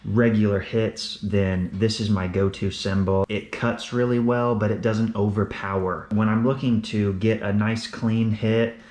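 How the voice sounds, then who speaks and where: A man's voice: fairly low pitch, little pitch movement, measured pace, few pauses, a little mellow. A young man, a drummer, casually explaining his drum kit and cymbals, often repeating words as he goes. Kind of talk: casual gear walkthrough. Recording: echoey room.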